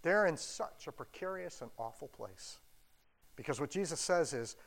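Brief: male pastor with a slightly high voice, preaching in a casual, joking, chatty way. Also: very animated, brisk, fairly bright tone. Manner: folksy, conversational, joking asides. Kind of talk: sermon.

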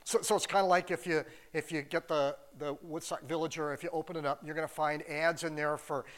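A man preaching a sermon in a loose, conversational way, sprinkling "like" through his sentences. His voice sits a bit high, and his delivery stays animated and easygoing. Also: a little fast. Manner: casual, animated, many "like" fillers. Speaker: pastor.

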